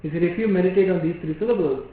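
A man giving a devotional lecture in a measured, explanatory way, often asking rhetorical questions. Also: sits high. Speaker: preacher. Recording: echoey hall on a phone-like line.

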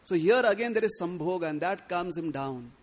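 A man giving a sermon, acting out the quoted lines with stammered restarts. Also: a little fast. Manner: expressive, acts out quoted lines with rising pitch and stammered restarts. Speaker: speaker giving a scriptural discourse.

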